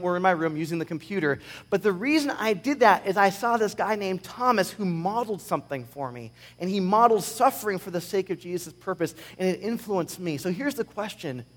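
A man preaching a conversational sermon, reading scripture with animated sarcasm. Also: sits high, big-room sound. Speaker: pastor.

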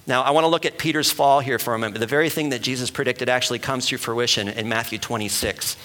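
Male pastor, bright forceful voice, chatty sermon style, long hall reverb. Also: medium pitch, quick pace. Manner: conversational, animated, asks the room questions. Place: church hall with an audience.

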